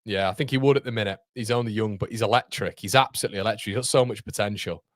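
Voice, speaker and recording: This watchalong host speaks very fast in a lowish voice, bellowing at footballers one minute and bantering with his live audience the next, calling them mate and lads. There's no echo; his voice comes across dry and close-miked.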